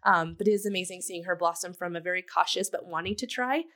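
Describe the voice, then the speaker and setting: A woman in a casual podcast conversation, calmly telling a story about teaching her daughter. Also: on the low side, quick pace. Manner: reflective, storytelling with examples. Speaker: co-host. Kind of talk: casual parenting podcast chat.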